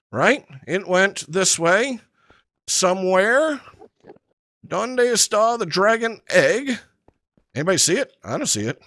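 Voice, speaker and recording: A man giving excitable, jokey running commentary over his own block-building game, chatting to the creatures he meets. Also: sits high, no room sound. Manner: excitable, talks to the mobs he meets; frequent fillers and restarts, jokey. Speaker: gaming channel host. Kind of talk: Minecraft let's play commentary.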